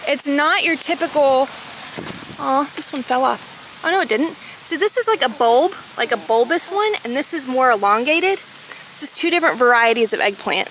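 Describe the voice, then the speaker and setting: A woman, chatting excitedly as she walks her garden for a homesteading vlog, gasping at her finds. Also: high voice, a little hiss or hum, low-quality recording. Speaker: homesteading vlogger. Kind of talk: casual walk-and-talk vlog. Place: outdoors in a rural garden. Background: outdoor ambience, rustling leaves, animals.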